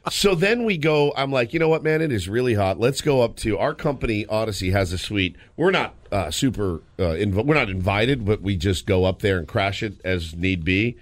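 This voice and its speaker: Animated male sports radio storyteller. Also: on the low side, normal speed, hardly any pauses, dry recording. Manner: animated storyteller, lots of restarts. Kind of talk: casual sports radio chat. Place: radio studio.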